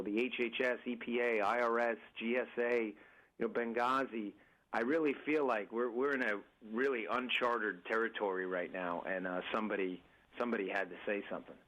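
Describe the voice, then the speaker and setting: A man's voice: medium pitch, fairly bright tone, rough recording. A man speaking as a guest and political candidate on a radio interview, talking emphatically with frequent restarts and addressing listeners as folks.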